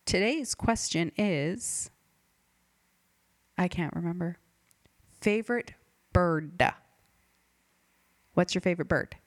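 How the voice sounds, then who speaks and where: A woman's voice: fairly low pitch, takes it slowly, pauses often, no echo. A woman hosting a comedy podcast, rambling and forgetful, cutting herself off mid-thought. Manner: rambling, self-interrupting, forgetful. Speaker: podcast host. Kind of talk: deadpan comedic podcast monologue.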